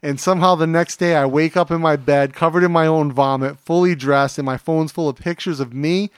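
A man's voice: on the high side, steady tone, a little fast, clean tone, dry recording. A man co-hosting a podcast, chatting casually and telling stories with plenty of fillers. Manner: chatty storyteller, many fillers. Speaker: podcast co-host.

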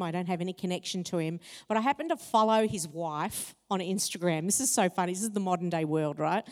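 A woman preaching a sermon, telling personal stories in a lively, expressive way that climbs in pitch when excited. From Italian heritage. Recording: long hall reverb.

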